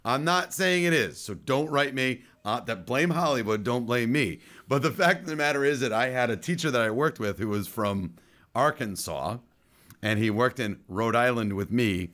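A man's voice: medium pitch, normal speed, fairly bright tone. A man hosting a casual movie podcast, telling a rambling story with jokey asides. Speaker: podcast host. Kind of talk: casual chat.

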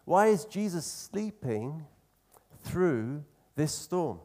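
A man preaching a sermon in an earnest, conversational way, slowing down to stress key phrases. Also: on the high side, big pitch swings, dark tone.

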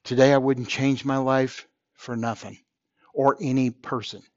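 A man's voice: medium pitch, steady tone, measured pace, dry recording, dull audio. A man hosting a podcast, delivering an earnest motivational monologue and repeating phrases for emphasis. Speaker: podcast host.

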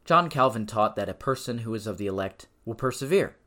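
A man hosting a podcast, teaching the Bible in a preaching style. He speaks emphatically, swings from loud insistence to quiet stress, and reads scripture in a slower, measured cadence. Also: lowish voice, expressive. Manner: conversational asides and tag questions.

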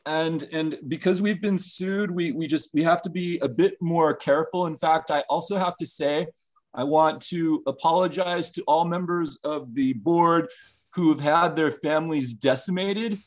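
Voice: medium pitch, moderate pace, natural voice. A performer improvising a flustered, stammering partner who keeps apologizing. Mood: apologetic. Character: jealous, flustered partner, later a nervous board chair.

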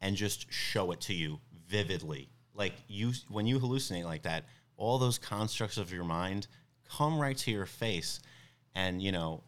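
Young dude rambling thru a crazy story on a podcast, kinda low voice, lots of likes and restarts. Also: male voice, expressive, a little slow, fairly bright tone. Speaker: podcast guest. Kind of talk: casual storytelling chat.

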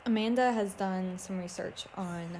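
A woman's voice: mid-range voice, normal speed, darkish tone, slight background noise. A woman co-hosting a podcast in casual chat, playful and self-mocking, laughing often. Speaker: podcast co-host.

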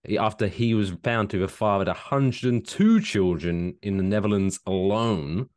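A man with a low voice co-hosts a casual podcast and reads out odd news items. He talks in a jokey, animated way, jumping up high for emphasis. His delivery is loose and conversational. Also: normal speed. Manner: lively, jokey, reads news out loud with big pitch swings. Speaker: podcast co-host. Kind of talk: casual chat.

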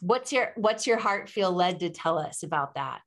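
A woman's voice: on the low side, animated, moderate pace, fairly bright tone. Encouraging woman hosting a podcast. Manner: encouraging, affirming. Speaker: podcast host. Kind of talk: interview conversation.

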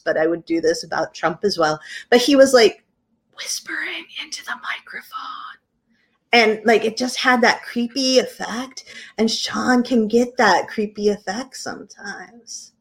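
A woman's voice: mid-range voice, moderate pace, husky. A woman co-hosting a podcast in casual chat, teasing her partner and laughing often. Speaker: podcast co-host.

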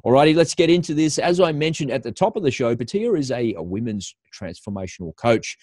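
A man's voice: mid-range voice, expressive, fairly quick, a little mellow, no room sound. Aussie guy hosting a podcast, mid voice, dry close sound, upbeat promo talk. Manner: upbeat, polished promo-style delivery. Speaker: podcast host. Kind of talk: podcast intro and interview.

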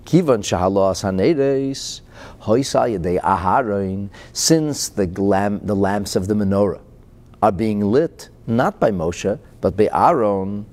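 A man's voice: lowish voice, expressive, a little slow, a little mellow. A man teaching Torah and explaining a Chassidic discourse. He reads out Hebrew phrases, translates them into English, asks rhetorical questions and chuckles between points.

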